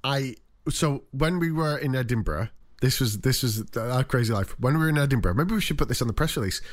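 A man's voice: mid-range voice, animated, a little fast. Man, Manchester accent, podcast co-host, jokey and playful, casual banter. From Manchester, England. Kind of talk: casual comedic chat.

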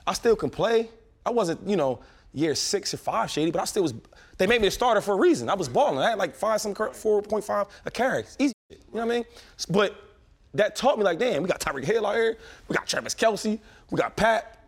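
Here a man in his thirties spins a story in loose, slangy chat, rattling along very quickly and doubling back mid-sentence. His voice sits a little high for a man. He sounds like a former pro athlete holding court among friends. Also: expressive. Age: 30s. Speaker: former pro football player telling stories. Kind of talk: casual podcast chat.

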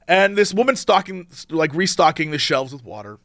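A man with a high, bouncy voice co-hosts a podcast and tells stories in loose, rambling chat. His pitch jumps around a lot as he gets into the tale. He is recorded close and dry, with no room around him. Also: moderate pace, dry recording. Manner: animated, rambling storyteller. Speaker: podcast co-host. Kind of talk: casual chat.

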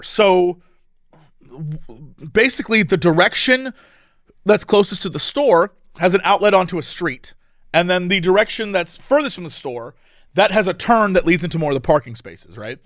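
Animated, high-pitched man telling a story. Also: moderate pace, dry recording, clean studio sound. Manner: animated, laughing, acting out the people in his story. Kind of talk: casual storytelling.

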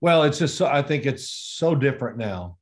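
A man's voice: mid-range voice, moderate pace. A man in his sixties, a former quarterback, telling stories in a casual interview and acting out the exchanges he quotes. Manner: animated storyteller, acts out quoted exchanges. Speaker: former NFL quarterback guest.

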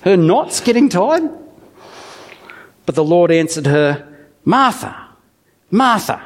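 A preacher gives a chatty, story-driven sermon, reading scripture aloud and then unpacking it with humorous asides, speaking to the congregation like friends. His voice is fairly high for a man, slow, and swoops up and down with animated expression.

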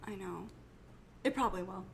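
A woman's voice: medium pitch, moderate pace, vocal fry, fairly bright tone, slight background noise. A woman from Minnesota with a Minnesotan accent, a guest on a podcast, chatting casually and making fun of herself. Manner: self-deprecating, giggly.

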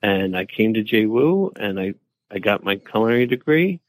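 A man's voice: lowish voice, big pitch swings, normal speed, no room sound, rough recording. A man with a New York accent, a chef guest in an interview, telling his story in an easygoing, anecdotal way. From New York City. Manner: easygoing, anecdotal, quotes family in voices.

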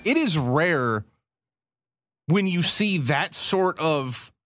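High-voiced animated radio co-host man. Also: extremely slow, no echo, studio quality, faint music behind. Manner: animated, laughs often, teasing. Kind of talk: casual sports radio chat.

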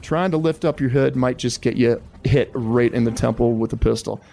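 A man's voice: medium pitch, normal speed, vocal fry, mellow, a little hiss or hum. A man hosting an interview, politely calling his guest sir and telling a survival scenario step by step. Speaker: podcast host.

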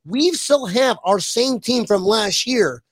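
A man co-hosting a casual sports podcast, rambling and excitable, swearing now and then. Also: sits high, takes it slowly, dry recording. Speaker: podcast co-host.

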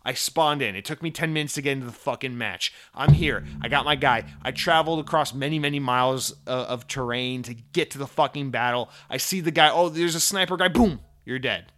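A man with a bright, sharp-edged voice hosts a casual gaming podcast. He rambles and vents freely, swears often, and acts out quick bits of mock dialogue as he goes. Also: medium pitch. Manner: profane, rambling, venting with animated mock dialogue. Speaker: podcast host.

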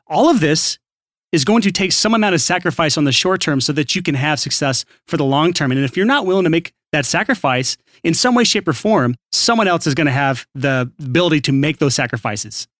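A man from Alabama co-hosting a podcast, talking in an energetic, motivational way. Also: on the high side, fairly quick, no room sound, studio quality. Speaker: podcast co-host. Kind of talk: casual podcast chat.

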